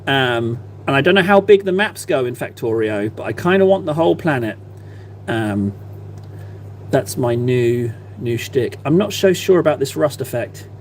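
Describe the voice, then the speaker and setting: A man's voice: medium pitch, lively intonation, moderate pace, darkish tone, a little hiss or hum. Chatty man, rambling stream talk. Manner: rambling, chatty, self-deprecating. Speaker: live-stream painter. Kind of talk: casual live-stream chat.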